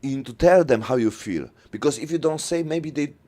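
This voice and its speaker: A man hosting a podcast in casual conversation, speaking halting non-native English with many fillers. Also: on the high side, expressive, mellow. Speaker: podcast host.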